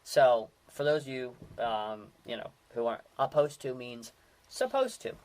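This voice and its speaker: A man's voice: medium pitch, sing-song, measured pace, darkish tone. Rambling man, casual talk. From Western Pennsylvania. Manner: rambling, many fillers and restarts. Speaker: podcast host.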